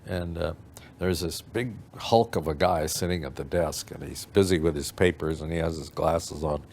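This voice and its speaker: A man's voice: a bass voice, moderate pace, a little mellow, slight background noise. An older man telling a story from his youth in an archival interview, rambling and acting out the people he quotes.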